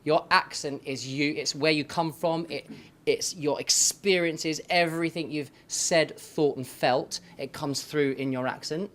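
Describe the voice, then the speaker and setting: A man's voice: a little high, fairly even intonation, measured pace, a bit bright. A man, a vocal coach, giving effusive, affectionate feedback to a speaker.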